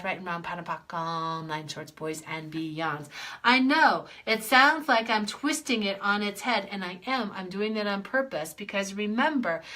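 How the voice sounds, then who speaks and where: A woman life coach hosting a live clearing session, playing with her voice as she swoops high and low through repeated chant-like phrases. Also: sharp tone. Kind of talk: guided clearing session on a livestream.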